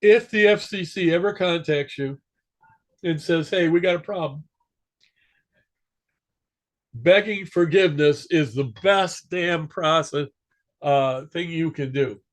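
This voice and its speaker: A man's voice: fairly high pitch, measured pace. A man teaching an amateur radio class in a casual, joking way, stopping to correct himself now and then. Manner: chatty, joking, self-correcting. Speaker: instructor.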